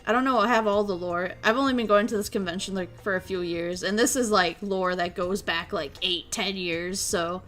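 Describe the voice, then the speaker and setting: A woman streamer chatting casually, telling a story in an excitable way, laughing often and acting out what people said. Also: mid-range voice, moderate pace, hardly any pauses, soft background music. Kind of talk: casual chat.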